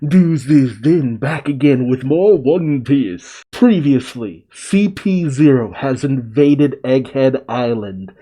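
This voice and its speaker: A man's voice: medium pitch, lively intonation, slow, few pauses, dark tone, slightly rough, low-quality recording. A man hosting a manga reaction, reading a comic chapter aloud with wry, musing asides.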